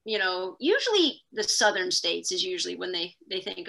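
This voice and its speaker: Bright, lively middle-aged woman guest. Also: fairly low pitch, vocal fry. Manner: animated storyteller, talks fast in bursts, self-deprecating. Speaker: podcast guest. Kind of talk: casual conversation.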